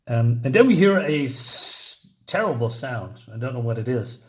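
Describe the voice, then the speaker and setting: A man reviewing a comic book in a casual, rambling way, full of fillers and restarts, reading the dialogue out in a flat voice. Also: medium pitch, moderate pace.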